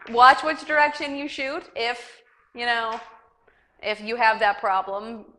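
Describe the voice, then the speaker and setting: A woman's voice: on the high side, fairly even intonation, unhurried, a bit bright. Rambling, giggly woman talk show host. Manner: rambling, giggly, heavy on fillers. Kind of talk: casual news chat.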